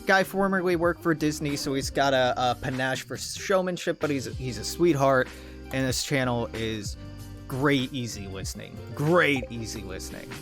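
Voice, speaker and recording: A man at his home streaming desk talks through a game in a loose, rambling way. He swears freely and wanders off topic in a mid-range, unremarkable voice. Quiet game music plays faintly in the background. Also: mid-range voice, moderate pace. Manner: rambling, digressive and profane. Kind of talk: casual rambling gameplay commentary.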